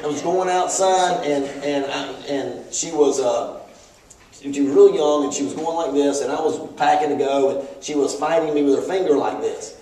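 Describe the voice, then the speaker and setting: Animated man telling funny stories, echoey room. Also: a little high, moderate pace. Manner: animated, acts out quoted voices in anecdotes. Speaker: speaker. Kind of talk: humorous storytelling talk. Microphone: handheld video camera across the room. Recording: echoey room, distant camera mic.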